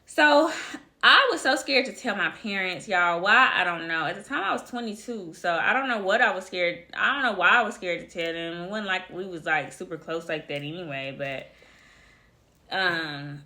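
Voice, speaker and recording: A woman's voice: lowish voice, lively intonation, normal speed, sharp tone. A woman casually telling a personal story to her viewers, chatty and talking to them directly as y'all. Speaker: vlogger.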